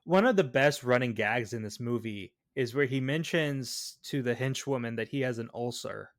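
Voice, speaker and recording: A man's voice: medium pitch, moderate pace. A man co-hosting a podcast, chatting casually about a movie and acting out quoted lines. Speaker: podcast co-host.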